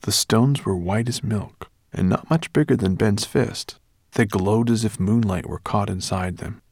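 A man narrating a children's fantasy novel in a measured storytelling manner. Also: fairly low pitch, darkish tone, dry recording, studio quality. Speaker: audiobook narrator. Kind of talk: scripted narration.

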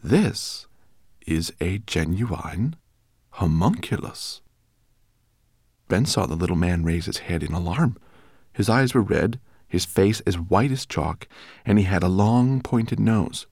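A man reading an audiobook in a steady, expressive storytelling manner. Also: low voice, moderate pace, no room sound, clean studio sound. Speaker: audiobook narrator. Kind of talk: audiobook narration.

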